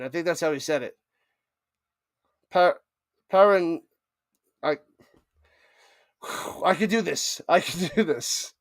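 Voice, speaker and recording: A man with a high, bright voice calling football plays live on his stream, loose and playful, tripping over the names as he goes. The sound is close and dry, with no room around it. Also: takes it slowly, long pauses, dry recording. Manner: animated, joking, stumbles over names. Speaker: play-by-play streamer. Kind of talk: live play-by-play commentary and banter.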